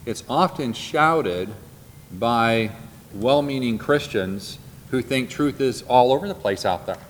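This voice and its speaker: A man leads a Bible class in an earnest, deliberate manner, and he slows down and repeats the points he wants to stick. His voice sits in a middle register. It carries a long hall reverb with faint background noise underneath. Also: medium pitch, lively intonation. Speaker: Bible teacher.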